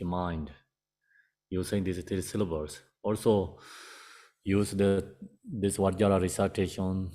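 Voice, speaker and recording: A man giving a dharma teaching as a meditation teacher, speaking in halting, simple phrases with pauses and gently asking the audience questions. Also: low voice.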